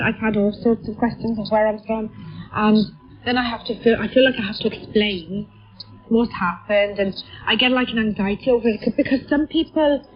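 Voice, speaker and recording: A woman's voice: fairly high pitch, a little hiss or hum. A woman from England speaking with a Welsh accent, heard with a heavy cold, talking candidly in a radio news interview. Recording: muffled shortwave radio broadcast.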